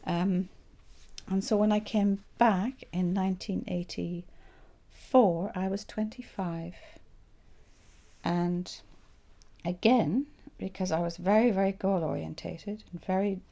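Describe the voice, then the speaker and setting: Gravelly Irish woman in her sixties. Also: medium pitch, slow. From Ireland. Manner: animated storyteller who acts out her own past thoughts. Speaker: interviewee recalling her life. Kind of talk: reflective personal storytelling.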